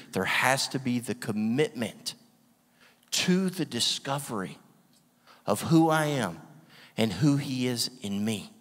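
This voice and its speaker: A guest preacher with a mid-range, fairly bright voice delivers an energetic sermon, stressing points, asking rhetorical questions and laughing often. The church hall has a long reverb.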